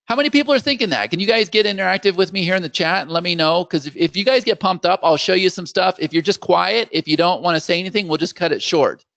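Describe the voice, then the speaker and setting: A man hosting a live screen-share software demo, upbeat and salesy, talking straight to viewers as "guys" and acting out how clients would react. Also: high-pitched, fast, vocal fry, few pauses, dry recording. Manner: acts out clients' reactions in quoted voices.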